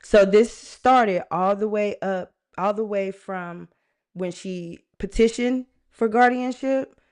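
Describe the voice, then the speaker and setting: A woman's voice: mid-range voice, takes it slowly, darkish tone, clean tone. A woman hosting a true crime live stream, talking earnestly and chattily straight to her viewers. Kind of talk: casual live-stream commentary.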